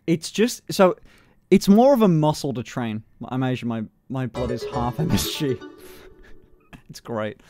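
A man's voice: mid-range voice, animated, a little slow, mellow, soft background music. A young man streaming live in casual chat, swearing freely, laughing often and testing out voices. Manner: swears freely, laughs a lot, playful voice experiments.

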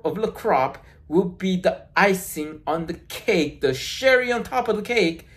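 Vlogger, slow unhurried talk, mid-pitched, halting with restarts, phone recording. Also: a little mellow. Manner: halting, with many restarts and repeated words. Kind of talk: casual rambling monologue.

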